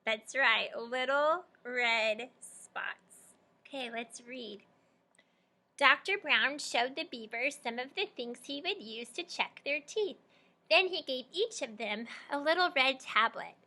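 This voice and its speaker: A young woman teacher guides young children through a storybook, pausing often to ask questions and praise answers. Her voice is bright and a little high, and she speaks slowly and carefully. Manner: encouraging, prompting and praising students.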